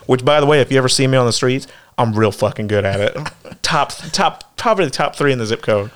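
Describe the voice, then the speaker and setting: A man's voice: medium pitch, animated, fast, fairly bright tone, clean tone. Joking, laughing man. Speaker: podcast co-host. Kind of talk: casual chat.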